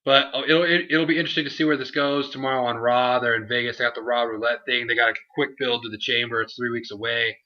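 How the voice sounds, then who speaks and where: A young man co-hosting a casual review chat, animated and laughing, acting out what others said. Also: medium pitch, fast talker, few pauses. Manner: animated, acts out quotes, laughs often. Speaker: show co-host. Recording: dull lo-fi home recording.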